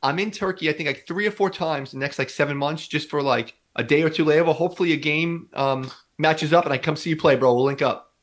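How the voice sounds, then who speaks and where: A man hosting a casual podcast interview, asking quick questions and reacting eagerly with slang like "bro.". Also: on the high side. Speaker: podcast host.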